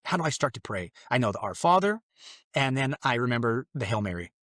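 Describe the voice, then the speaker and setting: A young man speaking at an everyday middle pitch, telling his own story as a podcast guest. He rambles casually with fillers and voices the people in his tale. The sound is close and dry, with no room around it. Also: very animated, fairly quick, fairly bright tone, no echo. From Mexican family. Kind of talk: personal storytelling.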